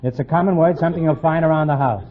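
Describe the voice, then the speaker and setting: A man hosting a quiz show, teasing his contestants with quick punning asides. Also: on the high side. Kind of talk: wisecracking quiz show banter. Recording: muffled 1950s broadcast, loud hiss.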